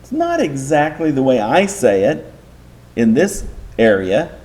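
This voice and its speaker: Mellow-voiced man teaching step by step. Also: mid-range voice, wildly swooping pitch, measured pace. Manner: patient, explaining step by step with rhetorical questions. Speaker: Bible teacher. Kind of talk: teaching lecture.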